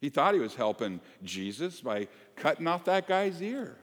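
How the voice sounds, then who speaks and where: A man preaching a sermon to his congregation, conversational and animated, joking with the people in the pews. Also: on the high side, normal speed. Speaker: pastor. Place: church sanctuary. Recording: long hall reverb.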